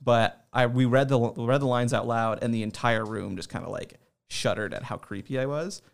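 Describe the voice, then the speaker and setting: A man in a relaxed interview, telling stories about himself with self-deprecating humor and frequent laughs. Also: mid-range voice, normal speed, gravelly. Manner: laughs often. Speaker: interview guest. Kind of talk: casual chat.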